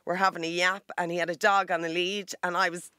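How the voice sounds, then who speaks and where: Bright-voiced Irish woman telling stories. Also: fairly low pitch, fast talker, smooth, dry recording. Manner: lively anecdotal storyteller. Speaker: guest, TV presenter. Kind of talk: casual chat.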